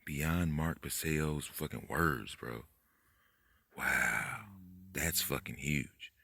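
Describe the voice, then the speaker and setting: A man giving a rambling, profane late-night monologue, talking fast, tripping over his words and jumping up in pitch when he gets worked up. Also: creaky, a bit bright, husky, no echo. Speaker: conspiracy video host.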